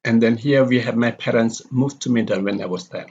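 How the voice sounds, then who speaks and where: A man's voice: medium pitch, fairly quick, a little mellow, husky. A man teaching a pronunciation lecture from slides, steadily reading example sentences aloud and repeating them. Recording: dull lo-fi recording.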